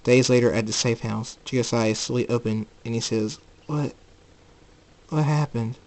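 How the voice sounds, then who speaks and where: A man's voice: mid-range voice, little pitch movement, fairly quick, darkish tone, rough recording. A man narrating an amateur storybook, reading plainly and stumbling over words now and then.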